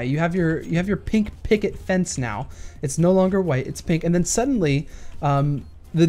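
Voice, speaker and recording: A man's voice: fairly high pitch, a little mellow. Rambling gaming YouTuber guy. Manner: rambling, many restarts, explains with analogies; talks while playing a shooter game. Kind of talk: casual Q&A rant over gameplay.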